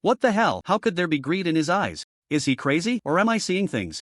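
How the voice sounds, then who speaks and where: A man's voice: on the high side, big pitch swings, brisk, no room sound, studio quality. A man voicing a flustered, smitten young woman warrior in an exclaiming manner. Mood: astonished.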